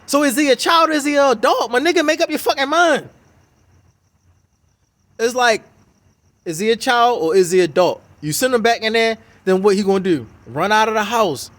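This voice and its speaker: A man's voice: extremely high pitch, normal speed, fairly bright tone. A man giving a heated, swearing, mocking reaction commentary on a video. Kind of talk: profane ranting reaction commentary.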